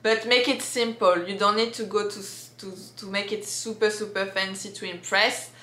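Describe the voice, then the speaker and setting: A young French woman vlogs casually in a French accent, filling her speech with fillers and restarts. Her medium-pitched voice is steady, bright, and forceful at a moderate pace, recorded in an echoey room.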